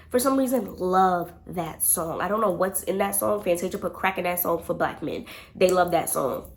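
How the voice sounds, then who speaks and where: A young woman vlogger telling a storytime, chatty and animated, talking straight to her viewers. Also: fairly low pitch, moderate pace. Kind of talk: storytime vlog.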